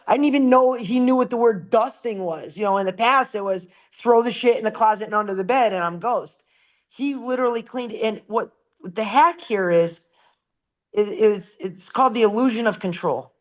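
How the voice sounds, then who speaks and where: Speaking at normal speed in a voice that sits high, this middle-aged shower door salesman shares lively stories from work on a casual podcast, performing the quoted lines and cursing occasionally.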